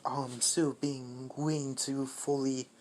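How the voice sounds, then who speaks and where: A narrator voicing a newborn, hungry symbiote creature in a fan story, speaking flatly and haltingly, very slowly. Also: mid-range voice, a little hiss or hum, natural voice. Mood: naive.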